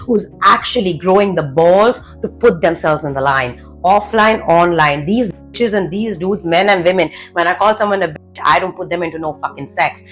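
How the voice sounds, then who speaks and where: A woman's voice: on the low side, low-quality recording. A woman confidence coach delivering a blunt, cursing motivational rant, hammering out rhetorical questions. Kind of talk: profane motivational rant to camera.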